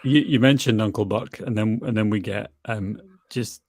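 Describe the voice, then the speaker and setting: Male podcast co-host, slightly low voice, dry close sound, halting casual chat. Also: a little mellow, no room sound. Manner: halting, repeats words while searching for them.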